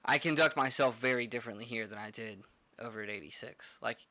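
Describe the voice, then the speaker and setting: Profane young bartender telling stories. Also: male voice, mid-range voice, quick pace, sharp tone, no room sound. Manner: profane, rambling with many "like" fillers. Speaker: podcast co-host, bartender. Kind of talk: casual storytelling chat.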